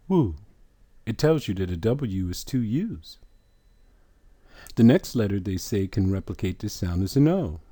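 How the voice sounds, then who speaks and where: A man teaching a lesson from a letter chart, asking questions and repeating each sound slowly. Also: lowish voice, warm tone, dry recording, clean studio sound.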